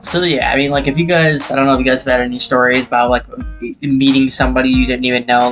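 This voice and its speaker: A man's voice: medium pitch, fairly quick, faint music behind. A man in his late twenties telling a personal story in a casual, rambling way while playing a game, with lots of swearing. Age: 20s. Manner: rambling, profane, animated when retelling. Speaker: gaming YouTuber. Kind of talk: casual storytelling over gameplay.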